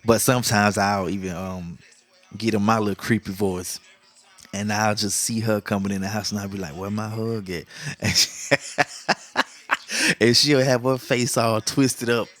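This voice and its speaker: A man's voice: on the low side, fairly even intonation, measured pace, fairly bright tone. A middle-aged man hosts a casual monologue, joking, laughing often and acting out the lines he quotes. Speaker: podcast host.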